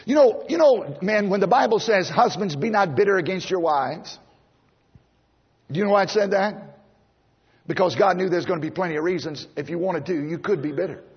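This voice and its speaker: A middle-aged man preaching a sermon, emphatic and repetitive, swinging between loud and hushed delivery. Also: sits high, normal speed, husky. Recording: long hall reverb, dull lo-fi sound.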